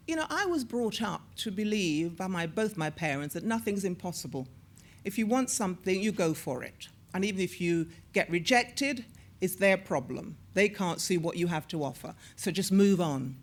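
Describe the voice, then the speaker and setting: A woman in her sixties, an actor and former TV presenter, telling lively stories in an onstage interview and acting out the voices she quotes. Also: medium pitch, normal speed. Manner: lively storyteller who acts out quoted voices. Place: on a stage at a screening event.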